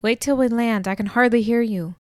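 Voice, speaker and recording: A woman voicing a calm, reserved young man in a storybook, using a voice close to her own and speaking in plain, quiet replies. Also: on the high side, brisk, no echo, close to an everyday voice. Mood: raising voice.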